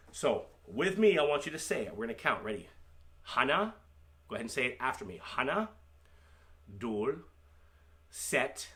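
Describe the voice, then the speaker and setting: A man's voice: medium pitch, fairly bright tone. A middle-aged man teaching an online taekwondo class, encouraging and patient, and repeating terms for his students to say back. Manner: encouraging, coaching, repeats terms for learners to echo. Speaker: taekwondo instructor.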